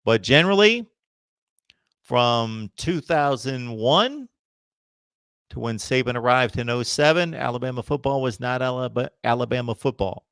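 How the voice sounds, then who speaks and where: A man's voice: medium pitch, animated, normal speed, creaky, fairly bright tone, clear, resonant tone, no room sound. Guy running a college football livestream, firm opinions, mid voice, dry close sound. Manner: opinionated, emphatic, answers viewer comments. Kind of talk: casual live chat reading comments.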